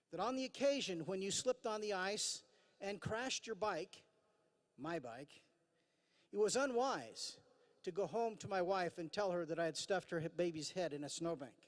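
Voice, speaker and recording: A high-voiced man in his fifties delivers a formal commencement address at a podium mic. He sounds earnest, with frequent "uh" fillers and dry self-deprecating humor. His voice rings out with a long reverb in a large hall. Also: animated, normal speed. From Idaho, USA. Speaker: commencement speaker. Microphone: podium microphone.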